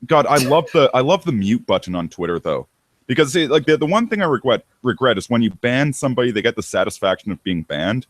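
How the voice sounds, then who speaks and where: A man's voice: mid-range voice, lively intonation, quick pace, no room sound. A man who is a guest on a casual livestream, talking in a wry, mocking way.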